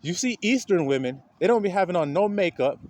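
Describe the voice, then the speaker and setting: Animated, laughing street preacher man. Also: sits high, a little fast. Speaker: spiritual speaker. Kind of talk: informal preaching monologue.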